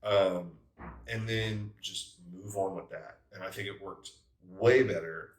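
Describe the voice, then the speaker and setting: A man's voice: sits low, a little slow. A man who runs tabletop games, giving emphatic advice in a casual roundtable chat. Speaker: tabletop game master. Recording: roomy, distant mic.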